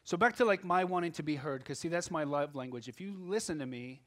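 A middle-aged man preaching a sermon, moving from quiet, musing talk to loud, impassioned passages. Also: a little high, expressive, a little fast. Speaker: pastor.

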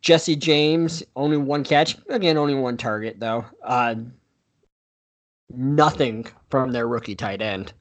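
A man with a mid-range voice co-hosts a casual sports podcast. He's chatty and quick to correct himself, adding apologetic asides.

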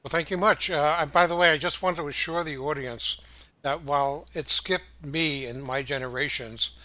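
A man hosting the show, chatting casually and pausing often on fillers. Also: fairly high pitch, sharp tone, no echo. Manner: halting, many filler pauses. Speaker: host. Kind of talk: casual chat.

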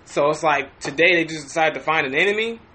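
A man on a podcast casually telling a story, animated and profane, with frequent restarts. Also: a little high, fast, slight background noise. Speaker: podcast host.

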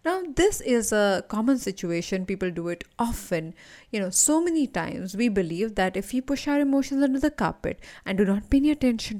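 A woman, a coach hosting a podcast, telling an animated motivational story and calling the listener her friend. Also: medium pitch. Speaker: leadership and anti-anxiety coach, podcast host.

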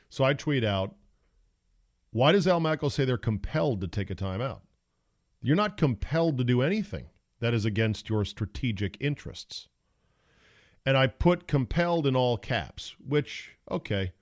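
A middle-aged man talking through a solo sports podcast, his pitch sitting right in the middle for a man. He is opinionated and sarcastic and breaks his takes up with animated jokes and asides.

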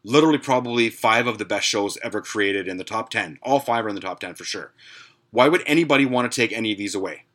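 A man's voice: on the low side, fast, fairly bright tone. A man hosting a podcast, ranting casually and sarcastically with plenty of swearing. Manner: profane, sarcastic, grumbling. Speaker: podcast host.

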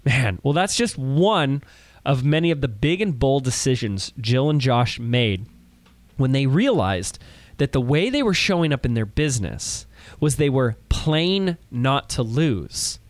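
A man's voice: medium pitch, sing-song, measured pace, no echo. A man hosting a podcast in an upbeat, emphatic, friendly way, introducing his guests. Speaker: podcast host.

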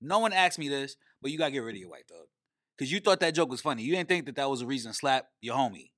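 A man hosting a podcast, ranting in a profane, animated comedic riff before welcoming a guest. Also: mid-range voice, quick pace, dry recording, studio quality. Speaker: podcast host.

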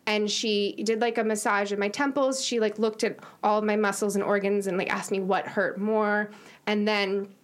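A woman's voice: mid-range voice, level tone, moderate pace. A woman chatting casually as a podcast co-host, telling a personal story full of "like" fillers. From Los Angeles area. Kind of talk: casual chat.

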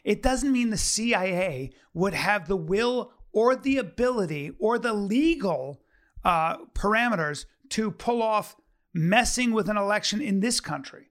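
A man co-hosting a podcast, pushing back in a casual debate with measured counterpoints and some stammering. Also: sits high, animated, fairly bright tone. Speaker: podcast co-host.

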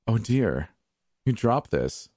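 A man's voice: low-pitched, animated, moderate pace, darkish tone, dry recording, clean studio sound. A man voicing a ruthless young sorceress who taunts coldly, in an audiobook. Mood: mocking. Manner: teasing, coldly mocking. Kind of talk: audiobook character voice.

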